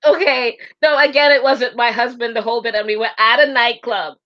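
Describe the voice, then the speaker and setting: A woman's voice: on the high side, fairly even intonation, fairly quick, dull audio. A woman co-hosting a casual live talk show, telling stories animatedly and laughing often. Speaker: co-host. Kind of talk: casual chat.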